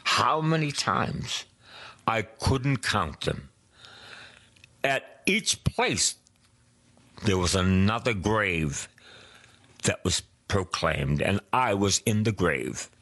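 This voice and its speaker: A man preaching a sermon, slow and emphatic, dropping to soft whispers for prayers. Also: on the low side, lively intonation.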